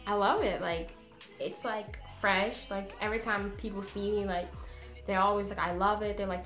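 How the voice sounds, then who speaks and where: A woman's voice: mid-range voice, steady tone, normal speed, fairly bright tone, roomy sound, soft background music. A woman in her twenties chatting casually to camera from her bedroom, laughing often and saying "like" a lot, a little tired after a long day. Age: 20s. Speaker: beauty vlogger.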